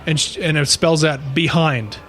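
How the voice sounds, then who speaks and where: A man's voice: fairly high pitch, moderate pace, a bit bright. A man co-hosting a podcast, casually retelling a paranormal story in a rambling way, with frequent swearing. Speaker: podcast co-host.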